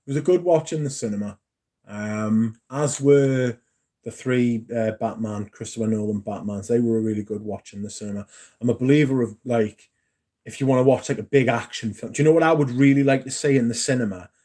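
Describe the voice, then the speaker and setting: A man's voice: medium pitch, steady tone, a little fast, mellow. A man, chatting casually and rambling on a livestream, answering viewers and swearing now and then. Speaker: livestream host. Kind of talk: casual chat.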